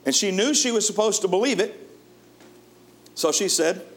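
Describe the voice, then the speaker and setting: Man, preacher, sermon, folksy, chuckling, slightly high voice. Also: moderate pace. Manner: folksy, chuckles often, swings from lively to hushed.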